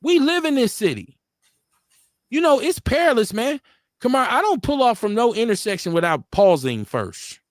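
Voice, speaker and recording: With a very high-pitched, sing-song delivery at normal speed, a middle-aged man from Milwaukee hosts a casual live-stream talk show. This radio host recounts street stories in profane, blunt slang. The recording is dry and studio-clean.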